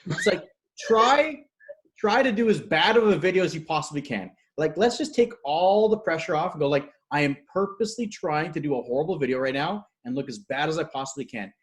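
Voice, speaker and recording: A man speaking as a guest coach in a casual video-call interview, energetic and acting out quotes as he tells stories. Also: fairly high pitch. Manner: fast, energetic storyteller, acts out quotes. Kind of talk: animated casual interview talk.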